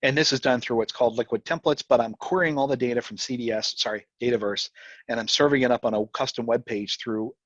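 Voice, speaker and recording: A man presenting a live software demo, talking fast and rambling, with frequent restarts. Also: mid-range voice, no echo, lo-fi sound.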